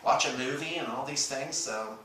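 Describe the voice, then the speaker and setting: A man's voice: medium pitch, normal speed, pushed and bright, a little hiss or hum. A middle-aged man co-hosting a casual morning talk show, joking dryly at his own expense with lots of hesitation. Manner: dry, self-mocking humor with frequent hesitations. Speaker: radio show co-host. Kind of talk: casual banter. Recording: echoey room, distant from the mic.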